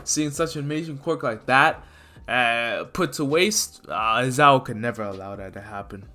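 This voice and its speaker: A man telling a fan-made story in a casual, rambling way. His voice is bright, and he leans on fillers and corrects himself mid-sentence. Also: medium pitch, moderate pace. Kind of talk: casual fan-fiction narration.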